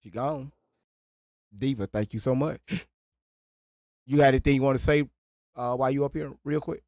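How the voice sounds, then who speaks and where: A man hosting a casual live stream, talking loudly and bluntly and swearing freely. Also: medium pitch, fairly quick, no room sound, clean studio sound.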